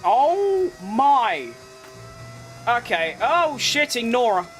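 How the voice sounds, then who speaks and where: A man talking through his racing game in a very high, bright voice. He chats along casually, then jumps into excited shouts whenever things get close, and swears freely. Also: very slow, soft background music. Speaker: gaming creator. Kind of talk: live gameplay commentary.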